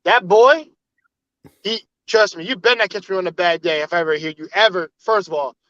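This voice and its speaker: A man with a high-pitched voice joins a casual panel chat and talks with emphatic, swaggering bravado. The sound is dry and a little dull, with no room around it. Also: fairly quick, a bit bright, dry recording. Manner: emphatic, keeps saying "trust me", threatening bravado. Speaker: guest.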